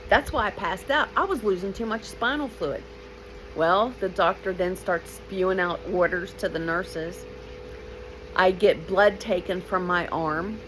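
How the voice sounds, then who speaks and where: A woman in her fifties telling a personal story in a lively, blunt way, with emotional asides to the listener. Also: fairly low pitch, slight background noise, low-quality recording.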